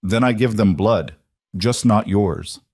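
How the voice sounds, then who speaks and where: A man's voice: on the low side, slow pace, a little mellow, no room sound, studio quality. A man voicing a grim, protective male mafia boss who speaks in clipped sentences. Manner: terse, clipped statements.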